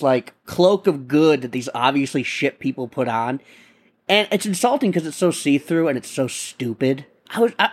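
A man hosting his own podcast, a stand-up comedian ranting in a rambling, profane casual monologue full of restarts. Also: mid-range voice.

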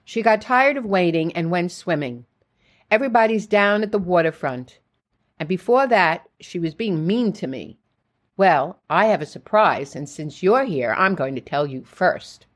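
A woman's voice: on the low side, animated, moderate pace. Woman reading fussing mother, anxious, insistent, memoir audiobook.

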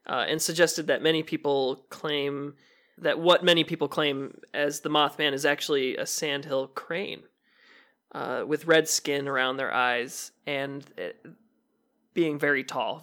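A man's voice: a little high, fairly bright tone. A man from Michigan co-hosting a casual podcast chat, talking with many fillers and restarts. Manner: hesitant, lots of fillers and restarts. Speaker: podcast co-host.

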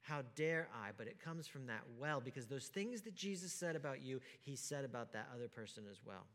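A man preaching a sermon as pastor, emphatic, asking rhetorical questions and swinging from hushed to loud. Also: mid-range voice, animated, fairly quick. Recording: long hall reverb.

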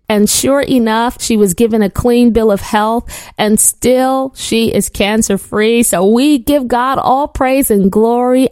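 A middle-aged woman preaches with earnest encouragement, her voice sitting a little high. The sound is dry and close, with no room around it. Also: a little mellow, no echo. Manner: earnest, encouraging, testimony-driven. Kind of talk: sermon.

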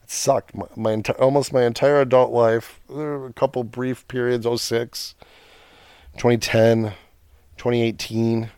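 Man, podcast host, sarcastic profane rant, mid-pitched, dry close sound. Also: little pitch movement, unhurried, darkish tone, clean tone, no echo. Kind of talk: casual sports rant.

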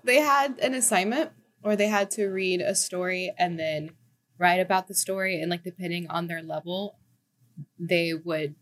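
A young woman who teaches children abroad, chatting casually and giggling as she tells stories on a podcast. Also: lowish voice. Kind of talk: casual chat.

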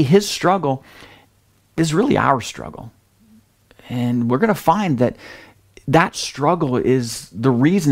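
A man preaching a sermon in a relaxed, chatty tone. He moves quickly from storytelling into acting out scenes, in a mid-range voice. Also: medium pitch. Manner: lively, conversational, acts out scenes. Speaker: pastor.

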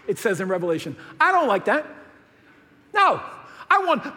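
Man, pastor preaching, bright tense voice, lively pitch, long hall echo. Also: moderate pace, long pauses, a faint crowd. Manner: animated, swinging from hushed to shouted. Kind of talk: sermon.

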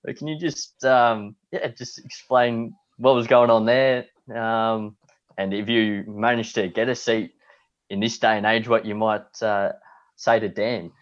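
A man's voice: lowish voice, fairly even intonation, measured pace. A man hosting a podcast and asking a question with lots of ums. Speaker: podcast host. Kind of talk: casual interview. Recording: dull lo-fi sound.

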